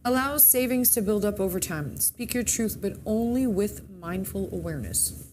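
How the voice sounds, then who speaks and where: A woman's voice: mid-range voice, normal speed, darkish tone, slight background noise. A woman co-hosting a morning show, casually reading the horoscopes and chatting, stumbling and correcting herself as she goes. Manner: chatty, reads with slips and self-corrections.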